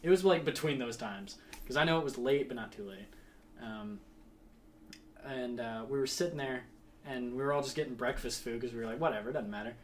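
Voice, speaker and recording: A man's voice: mid-range voice, a little fast, far from the mic, a little hiss or hum. A young man casually telling a funny story to friends, laughing often and acting out what people said. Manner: animated, laughs a lot, acts out quotes.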